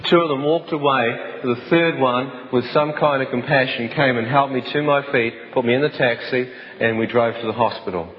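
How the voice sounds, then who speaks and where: A man's voice: medium pitch, moderate pace, few pauses. A man giving a personal testimony as a dramatic story, intense and vivid, with some restarts. The sound is dull, with a long hall reverb.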